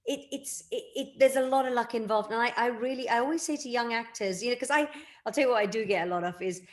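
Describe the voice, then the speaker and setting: A woman's voice: on the high side, fast talker. A middle-aged woman from England, an actress chatting as a guest in a casual interview and laughing often.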